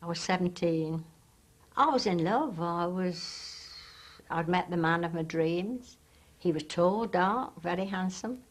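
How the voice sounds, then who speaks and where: A woman's voice: fairly low pitch, takes it slowly. Older woman, candid and wistful. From Britain. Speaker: interviewee. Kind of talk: personal reminiscence.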